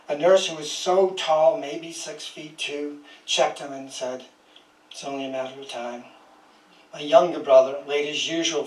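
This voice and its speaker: A man in his sixties reading his own poems aloud as a guest poet, with dry humor and chuckling asides between pieces. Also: medium pitch. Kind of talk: poetry reading with casual asides. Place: small historic house, indoors. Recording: roomy sound from a distant mic.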